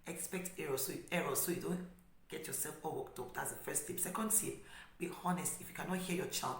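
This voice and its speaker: A woman special education teacher from Nigeria giving an educational talk to parents, speaking slowly and emphatically to model clear speech. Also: low voice. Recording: echoey room with faint background noise.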